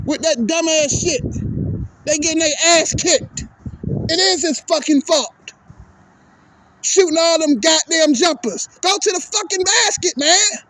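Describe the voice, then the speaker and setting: High-pitched man ranting, fed up. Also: unhurried, a bit bright. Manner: profane, exasperated, repetitive ranting. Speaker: vlogger. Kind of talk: angry sports rant.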